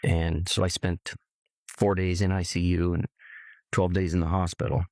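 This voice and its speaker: A middle-aged man from California telling a personal story earnestly, haltingly, often repeating words as he remembers. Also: low voice, flat delivery, a little mellow, no room sound. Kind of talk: personal testimony.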